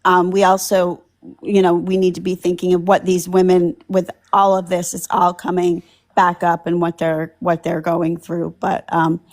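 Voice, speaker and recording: A woman's voice: fairly low pitch, level tone, moderate pace, a little mellow. A woman calling in to a talk show, speaking earnestly and rambling a little. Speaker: caller. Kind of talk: phone-in call.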